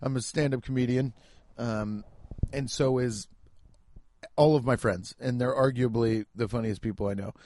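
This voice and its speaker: A man's voice: mid-range voice, steady tone, normal speed, darkish tone, dry recording. A man who is a stand-up comedian, chatting casually and self-deprecatingly on his podcast from home. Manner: rambling, jokey, self-deprecating.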